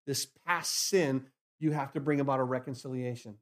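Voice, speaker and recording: A pastor preaching a sermon, asking rhetorical questions and repeating phrases, swinging from hushed lines to loud emphatic bursts. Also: male voice, mid-range voice, steady tone, moderate pace.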